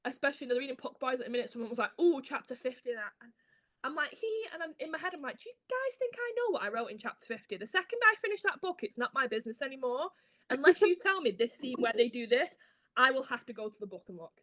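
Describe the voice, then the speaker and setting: A woman, an author being interviewed, who tells stories in a lively way, acts out her own dialogue and swears casually. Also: high voice, fast talker, no room sound, studio quality. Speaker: author guest. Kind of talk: casual chat.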